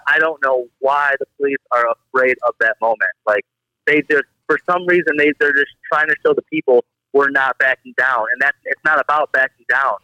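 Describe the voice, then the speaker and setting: A young man from the Detroit area, a guest on a casual podcast, telling animated stories packed with filler words. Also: fairly high pitch, no room sound. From Detroit area, Michigan. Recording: dull, slightly lo-fi dry audio.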